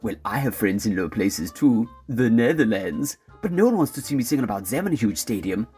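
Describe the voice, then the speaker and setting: A man's voice: lowish voice, big pitch swings, a little fast, a little mellow, faint music behind. A man with a put-on German accent voicing a stiff, condescending German man. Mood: sardonic. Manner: dry, condescending.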